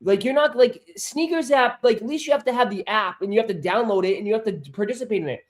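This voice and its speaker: A man hosting a casual sneaker livestream who swears, gets easily frustrated and calls his viewers bro and dude, turning loud and insistent when he makes a point. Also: sits high, quick pace. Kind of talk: casual live-stream chat. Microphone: desk microphone.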